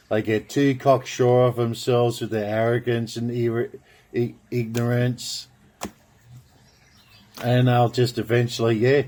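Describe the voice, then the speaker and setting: A man from Australia, delivering a slow, rambling monologue full of grandiose, repetitive proclamations as he draws cards. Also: mid-range voice, a little mellow. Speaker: video blogger.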